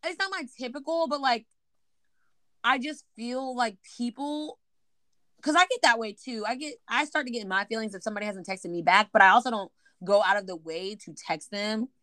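A woman co-hosting a casual chat show, telling a story in an animated way, swearing casually and acting out what people said. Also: fairly high pitch, normal speed, no echo. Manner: animated, swears casually, acts out quoted dialogue. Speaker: podcast co-host.

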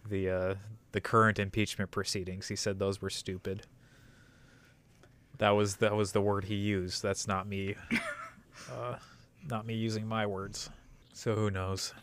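A young man in casual podcast chat, talking in a thoughtful, measured way and pausing to search for words. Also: lowish voice, flat delivery, a bit bright.

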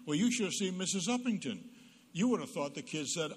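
A guest speaker, a psychologist, gives a humorous parenting talk in a church hall, acting out the quotes in his stories. His voice is fairly high, a little rough and fairly quick, with lively intonation. He speaks through a PA microphone, and the hall's reverberation is audible.

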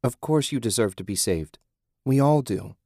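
A man's voice: medium pitch, expressive, moderate pace, darkish tone, no echo, studio quality, pitched above the performer's own voice, natural voice. A man voicing a practical, urgent woman.

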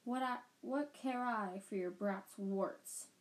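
A woman voicing a selfish young male wizard who snaps and shouts harshly. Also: mid-range voice, slow, lightly acted. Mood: scornful.

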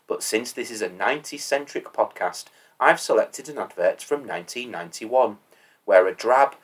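A man's voice: mid-range voice, far from the mic. A man hosting a podcast, reading scripted narration in a wry, lightly sardonic manner. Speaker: podcast host.

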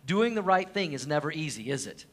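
A middle-aged man as pastor, preaching a sermon and telling a personal story earnestly, his voice dropping soft at the tender moments. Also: a little high, big pitch swings, brisk. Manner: earnest personal storytelling, drops to a soft hush at emotional points.

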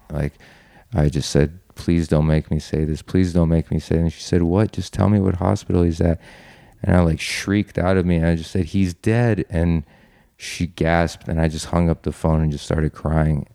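A man's voice: very deep voice, warm tone, dry recording, studio quality. A young man guest on a podcast, earnestly reflecting on his past in a personal story, with frequent ums and restarts.

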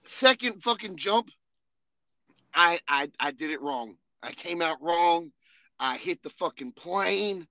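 A man with a high, bright and sharp voice spins animated, swear-filled stories on a podcast, laughing through them. His talk is lively and loose. The recording is dry and close, with no room sound. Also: slow, dry recording, dull audio. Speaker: podcast co-host. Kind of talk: casual storytelling chat.

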